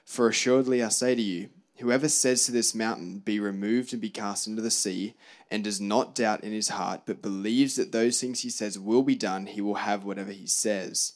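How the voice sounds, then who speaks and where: A man reading scripture aloud at a steady pace during a sermon. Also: fairly low pitch, moderate pace. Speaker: congregation member reading scripture.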